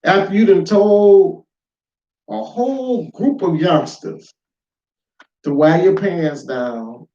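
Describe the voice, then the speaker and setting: A man giving an informal spoken lesson, emphatic and full of rhetorical questions, swinging between loud and quiet. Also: sits high, slow, long pauses, recorded from a distance. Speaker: lecturer. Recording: echoey room, dull lo-fi sound.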